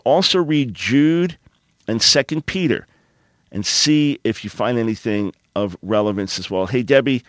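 A man's voice: medium pitch, fairly bright tone, dry recording. A man hosting a call-in radio show, teaching from the Bible in an earnest, emphatic and conversational way into a studio microphone. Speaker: radio talk show host.

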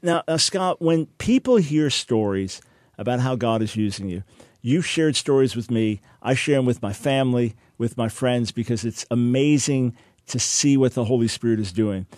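A man's voice: mid-range voice, expressive, moderate pace, a little mellow, no room sound. A man hosting a radio talk show from his studio, interviewing guests with enthusiasm.

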